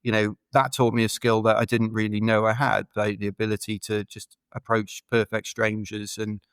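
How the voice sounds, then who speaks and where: A man from the United Kingdom, an ultra runner appearing as a podcast guest, tells rambling, chatty, filler-heavy stories in a casual interview. His voice is lowish with a flat delivery at normal speed. The tone is clean, with no echo.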